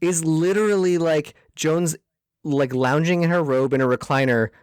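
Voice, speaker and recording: A man's voice: fairly high pitch, moderate pace, clear, resonant tone, dry recording, clean studio sound. A man co-hosting a podcast, wryly recapping a film's plot in casual chat. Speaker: podcast co-host. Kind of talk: casual movie discussion.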